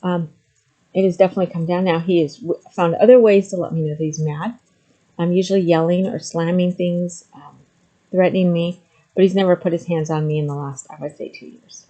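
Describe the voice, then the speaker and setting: Earnest woman, mellow voice, muffled sound. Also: fairly low pitch, steady tone, a little fast. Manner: frequent ums, hesitant then emphatic. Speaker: vlogger sharing personal story. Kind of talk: candid personal talk to camera.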